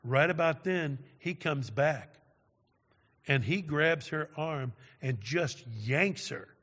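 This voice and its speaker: A male preacher tells his story in a slow, deliberate sermon, his somewhat high voice bright and forceful. He leans on dramatic pauses and keeps checking in with his listeners. Long reverb hangs behind him in a large hall. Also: expressive. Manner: dramatic storyteller, tags lines with "all right?".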